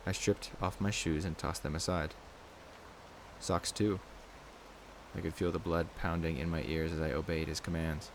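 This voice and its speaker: A man giving a steady, measured first-person reading of a scary story as the channel's narrator. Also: low voice, background noise. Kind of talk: scripted horror narration.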